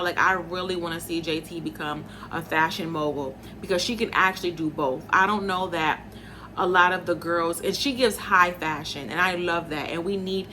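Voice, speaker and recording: A woman's voice: fairly low pitch, bright, forceful tone, slight background noise. A young woman journalist hosting her own show, chatting to viewers in a casual, opinionated way and calling them y'all. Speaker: host and journalist.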